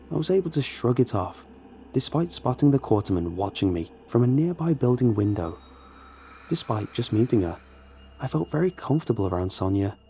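A man narrating a first-person horror story in a measured, somber way. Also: mid-range voice, dark tone, breathy edge.

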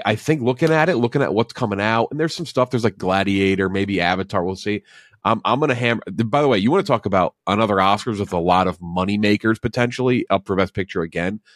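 A man's voice: on the low side, animated, fast, dry recording, studio quality. A man co-hosting a casual movie podcast, rambling through opinions with frequent restarts. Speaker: podcast co-host.

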